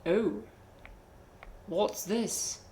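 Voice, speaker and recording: A woman's voice: medium pitch, very slow, dark tone, a little hiss or hum. A young woman streaming a game, chatting casually with her viewers and laughing often. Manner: giggly, chatty, reacts to chat. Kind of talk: casual chat while gaming.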